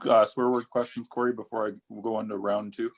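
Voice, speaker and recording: A man's voice: on the low side, level tone, brisk. A man co-hosting a podcast, asking questions in a playful, bantering way during a casual interview. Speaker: podcast co-host.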